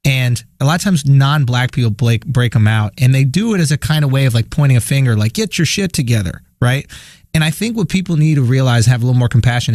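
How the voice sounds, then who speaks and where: Mid-pitched, thoughtful male co-host. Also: darkish tone, dry recording, studio quality. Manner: thoughtful, hesitant, many "yeah" backchannels. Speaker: podcast co-host. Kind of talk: casual chat.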